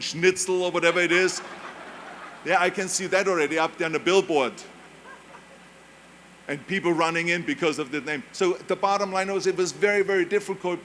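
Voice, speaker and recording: An older man with a strong German accent speaks at a commencement podium, his voice sitting a little high. He tells his story with emphatic repetition. Faint background noise runs under the speech. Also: fairly bright tone. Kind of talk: motivational speech. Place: large graduation ceremony venue.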